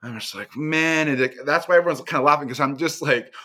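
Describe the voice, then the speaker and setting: A man as a podcast guest, telling a story in a casual, animated way, his voice jumping up when he recounts his alarm. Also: fast. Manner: animated, pitch leaps when retelling alarm, laughing through the story.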